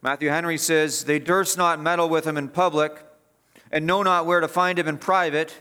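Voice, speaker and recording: A man's voice: a little high, fairly even intonation, normal speed, pushed and bright, clean tone. A man preaching an expository sermon as pastor, emphatic and repeating phrases for stress.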